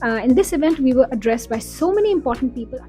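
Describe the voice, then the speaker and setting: A woman's voice: high-pitched, animated, fast, mellow, faint music behind. A woman narrating her day in a casual, enthusiastic vlog voice-over. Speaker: vlogger.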